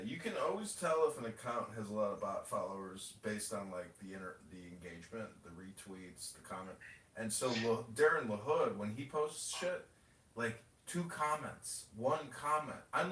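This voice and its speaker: A man's voice: on the low side, fairly bright tone, recorded from a distance. A man chatting casually on a podcast, rambling and mocking with plenty of profanity. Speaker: political candidate and podcast host. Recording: roomy audio from away from the mic with faint noise.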